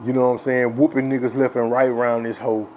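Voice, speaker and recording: A man from Texas telling a childhood story in a rambling, profane, filler-heavy way that grows loud and excited with laughs. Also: medium pitch, fast, highs cut off, a little hiss or hum. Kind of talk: casual storytelling.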